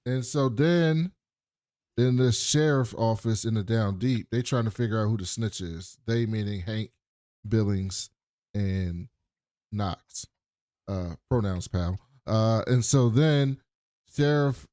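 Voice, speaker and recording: A man's voice: lowish voice, takes it slowly, warm tone. A man co-hosting a podcast, casually retelling TV scenes with slangy asides. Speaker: podcast co-host. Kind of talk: casual recap chat.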